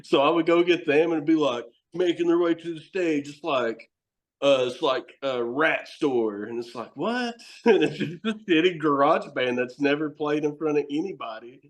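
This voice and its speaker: A man's voice: a little high, normal speed. A man talking as a podcast guest, telling rambling, profane stories and laughing often as he goes. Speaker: guest, wrestler and horror host. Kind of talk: casual podcast chat.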